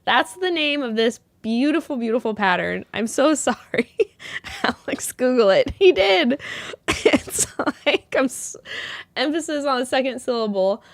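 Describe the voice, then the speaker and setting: A woman hosting a live yarn show in casual chat, bubbly and quick to laugh at herself, rambling with lots of restarts. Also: high-pitched, animated, no echo.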